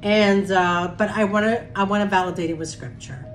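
A middle-aged woman ministering as a prophetic counselor, praying, declaring and commanding, swinging from soft murmurs to loud emphatic bursts. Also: medium pitch, steady tone, moderate pace, soft background music. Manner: speaks in tongues, commands and declares.

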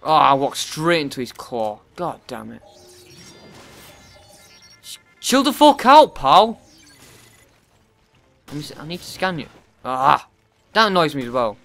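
A man giving profane let's play commentary, often yelling at the game in frustration. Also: mid-range voice, moderate pace, vocal fry, faint music behind. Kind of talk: gameplay commentary.

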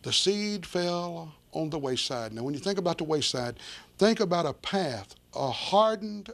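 A man's voice: fairly high pitch, lively intonation, a little slow, vocal fry, a bit bright. A man preaching a sermon, reading scripture aloud and explaining it plainly to his listeners. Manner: reads scripture in old-fashioned wording, then explains it plainly to listeners; addresses listeners directly as folks.

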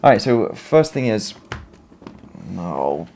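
A man's voice: low-pitched, normal speed, a little mellow, slight background noise. A man vlogging from his small home office, thinking aloud and rambling with self-corrections. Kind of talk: casual vlog talk.

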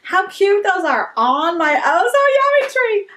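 Speaking a little slowly in a very high voice, a vlogger tears into her fan mail with excited gasps and squeals, gushing over each piece in casual chat. A slight hiss or hum sits under the recording.

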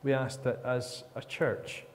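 A man's voice: medium pitch, flat delivery, slow, a little hiss or hum. A man leading a church service, praying earnestly in flowing, repeated phrases. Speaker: minister leading worship. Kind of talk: spoken prayer. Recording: reverberant church with faint ambience.

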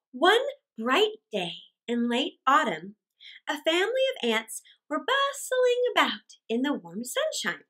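A woman narrating children's fables aloud, animated and expressive. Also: on the high side. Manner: animated and expressive, slow and clear. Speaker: storyteller for children.

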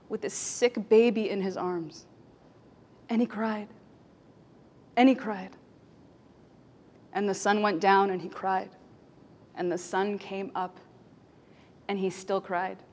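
Dramatic woman telling stories on stage. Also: mid-range voice. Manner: dramatic, emotional, swings between loud and hushed. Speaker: speaker. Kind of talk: storytelling talk on stage.

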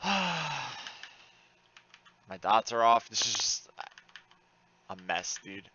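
A man giving live commentary while playing an online game, frustrated and excitable, swearing often with sudden loud outbursts. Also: fairly low pitch, slow pace, dull audio, slight background noise.

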